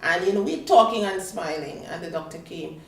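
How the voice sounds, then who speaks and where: A woman tells her story as a talk show guest and acts out the voices of the people in it. Her voice sits on the low side. She is recorded in a roomy space from a distant mic, with faint noise behind her. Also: brisk. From Tobago. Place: studio.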